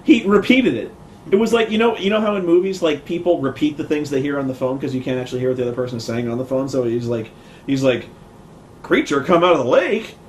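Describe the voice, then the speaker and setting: A man's voice: mid-range voice, fast talker, crowd noise. A man casually telling a rambling, profane story and acting out what others said. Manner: animated, profane, acts out quotes.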